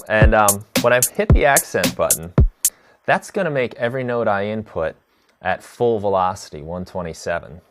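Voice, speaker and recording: A man teaching a live tutorial on drum sequencing, chatty and relaxed, answering viewer questions as he demonstrates. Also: fairly low pitch, moderate pace, over loud music. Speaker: music production instructor.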